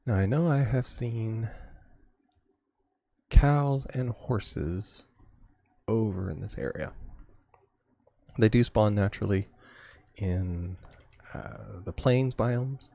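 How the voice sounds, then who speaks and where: A man's voice: fairly low pitch, takes it slowly, gravelly, long pauses, warm tone, no echo. A man streaming a game, chatting casually and rambling with frequent chuckles. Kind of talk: casual gameplay chat.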